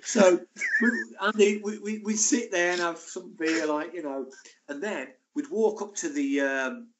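A man in his sixties, a former footballer, telling stories in a casual interview in a chatty, animated way. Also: high voice, unhurried. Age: 60s. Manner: chatty, animated, laughing anecdotes.

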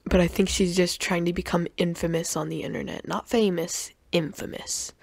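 A woman's voice: fairly low pitch, fairly even intonation, normal speed, gravelly, breathy edge, dry recording. A young woman giving sarcastic, mocking commentary on clips, often tripping over her words. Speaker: commentary youtuber.

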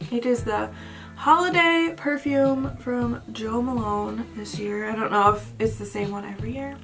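A young woman rambling through a casual chat, often stopping to doubt how a name is said. Her voice sits a little high, with a strong gravelly fry, and clear music plays behind her. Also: a bit bright. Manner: chatty, rambling, unsure of pronunciations. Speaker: vlogger. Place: indoors at home at night.

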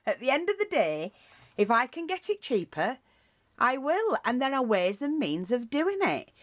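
A woman's voice: on the high side, sing-song, unhurried, fairly bright tone, no room sound. A woman giving a casual, rambling craft tutorial, full of asides and restarts.

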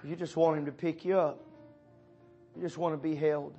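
A man preaching in a church, his voice sitting high for a man. He moves between loud, pressing appeals and near-whispered lines, talking straight to people in the pews. Soft music hums faintly underneath. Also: flat delivery, normal speed, creaky. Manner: preaching with wide swings from loud urging to hushed tones; addresses listeners by name as brother and sister. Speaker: pastor. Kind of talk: sermon.

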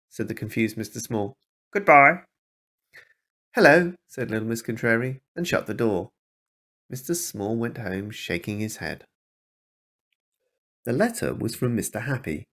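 Man reading picture book to toddler, husky, lively intonation, storytime. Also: medium pitch. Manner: slow, emphatic read-aloud with lively ups and downs. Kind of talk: children's storybook read-aloud.

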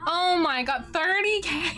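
A woman's voice: very high-pitched, lively intonation, takes it slowly, sharp tone. A young adult woman streaming a game live, giggly and effusive as she thanks her chat.

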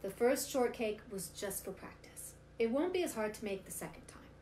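A woman's voice: a little high, animated, moderate pace, mellow, close to an everyday voice. Woman voicing a bossy rooster cook. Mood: eager. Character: bossy male rooster cook leading the team. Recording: roomy with faint noise.

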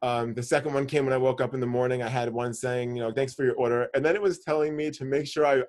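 A man's voice: mid-range voice, fairly even intonation, fast, darkish tone. A man co-hosting a podcast, telling a story in casual chat, swearing freely and acting out his own panic. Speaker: podcast co-host.

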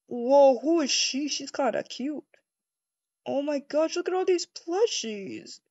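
An excitable, easily startled woman rambles through a first-person game role-play, tripping over restarts in a slow, unhurried delivery. Her voice sits fairly high. The sound is dry and dull, like a lo-fi home recording. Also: no echo.

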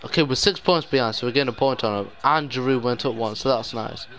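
Glum young gamer muttering. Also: male voice, mid-range voice, quick pace, a bit bright. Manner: despairing, muttering, sudden outbursts. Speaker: gaming YouTuber. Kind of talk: live gameplay commentary.

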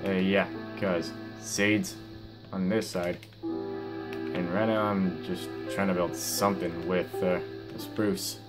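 A teenage boy with a low, deep voice talks slowly through his gameplay, halting and restarting with lots of fillers. His mouth is sore after dental surgery, and guitar music plays under his voice. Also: level tone. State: sore mouth after wisdom teeth removal. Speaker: gaming YouTuber. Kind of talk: casual gameplay commentary.

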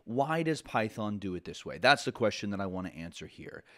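A programming instructor gives a casual, conversational lesson in a lowish, slightly bright voice with big pitch swings, speaking fairly quickly. He often corrects himself, restarts sentences, and adds frequent asides.

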